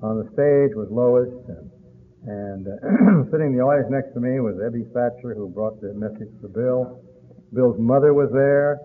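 An older man speaks at a meeting in a folksy, unhurried way, now and then clearing his throat. His voice sits at an ordinary pitch for a man. The recording is thin and tinny, like a phone line, with a faint hiss underneath. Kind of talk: storytelling talk to an audience.

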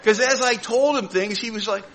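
A man with a high, slightly bright voice speaks at a moderate pace, with a little hiss or hum in the recording. He's a recovering alcoholic giving a humorous personal recovery talk at a meeting, playing other people's voices with comic timing.

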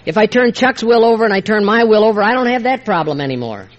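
An older man gives a heartfelt personal testimony at a recovery meeting. His voice sits a little high for a man, and he moves between quiet, hushed passages and emphatic bursts. The recording is muffled and lo-fi. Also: lively intonation, quick pace. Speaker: speaker sharing his recovery story.

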